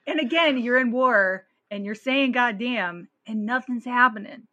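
A woman co-hosting a podcast in casual chat, blunt and animated, laughing often and swearing freely. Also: a little high, measured pace, lo-fi sound. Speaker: podcast co-host.

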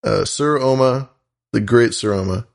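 A man's voice: mid-range voice, measured pace. A man co-hosting a casual podcast, joking around and reading out thanks to listeners. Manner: joking, reads listener shout-outs. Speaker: podcast co-host.

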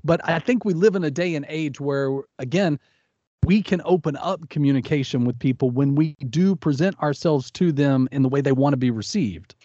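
A man's voice: on the high side, normal speed, warm tone, no echo. Southern-raised guy cohosting, no accent, wry jokes, kinda dull lo-fi dry sound. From the American South. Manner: candid, wry, joking. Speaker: podcast co-host. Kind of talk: casual chat.

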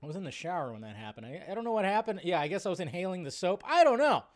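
A man's voice: high voice, big pitch swings, racing. A man hosting a live movie-news stream, chatting casually and rambling with plenty of fillers. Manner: rambling, laid-back, lots of fillers. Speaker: live show host.

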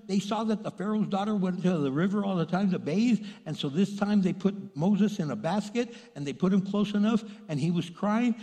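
A man preaching a sermon as pastor, telling stories in a lively way with acted-out dialogue and laughs. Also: high-pitched. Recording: long hall reverb.

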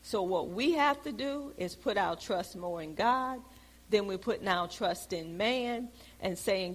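A woman teaching a Bible lesson in a preaching style, telling stories with lively, loud exclamations. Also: medium pitch, unhurried. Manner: animated storytelling, rises to loud exclamations. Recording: long hall reverb.

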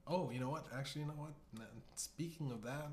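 A man's voice: fairly high pitch, quick pace. Rambling, profane man in an echoey room. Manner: rambling, profane, lots of restarts. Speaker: host. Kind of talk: casual comedic riffing. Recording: echoey room with faint hiss.

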